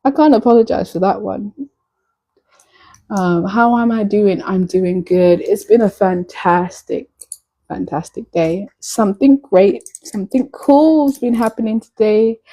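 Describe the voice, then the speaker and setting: A woman's voice: medium pitch, unhurried, warm tone, poor audio. Playful flirty woman chatting live. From Nigeria. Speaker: live streamer. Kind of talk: casual live-stream chat.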